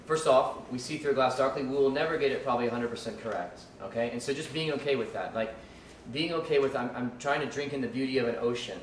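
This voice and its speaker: A man teaching a live class in a loose, rambling way, with many restarts and fillers and jokes for the listeners. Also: mid-range voice. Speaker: ministry school teacher. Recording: echoey room, mic at a distance, faint background noise.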